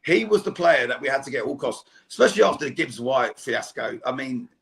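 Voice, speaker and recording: A man's voice: mid-range voice, expressive, fairly quick, vocal fry, a bit bright. A man speaking as a fan guest on a podcast, ranting angrily and swearing in heated chat. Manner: angry, swearing rant. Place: home.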